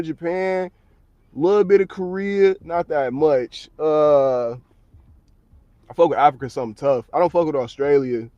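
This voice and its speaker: A man's voice: on the high side, moderate pace, warm tone, no echo, dull audio. An American man livestreaming from his parked car at work, chatting casually in a blunt, slang-heavy, profane way. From United States.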